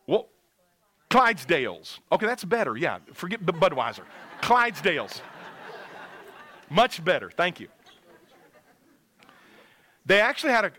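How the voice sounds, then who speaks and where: A man's voice: on the high side, bright, forceful tone, dry recording. A man preaching a sermon to a congregation, speaking emphatically, drawing out key words and talking straight to his listeners.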